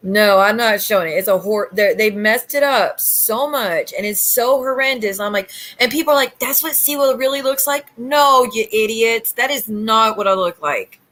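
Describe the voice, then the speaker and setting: A woman's voice: mid-range voice, fairly bright tone. Sassy, blunt woman livestreaming. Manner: blunt, sassy, quick retorts. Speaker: livestream host. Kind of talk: casual livestream chat.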